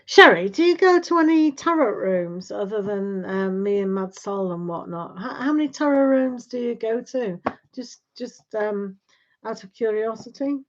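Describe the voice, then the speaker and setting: A woman runs a tarot livestream, chatting casually and ramblingly with live viewers and tacking questions onto the ends of her sentences. Her mid-range voice is expressive and moderately paced, and the lo-fi stream audio sounds dull.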